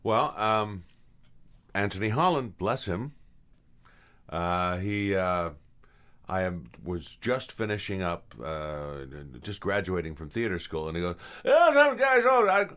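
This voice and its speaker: A man's voice: sits low, takes it slowly. A middle-aged man from England with a Canadian accent, telling stories in a casual interview and acting out the voices he quotes. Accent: Canadian English. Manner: animated, acts out quoted voices. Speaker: voice actor guest.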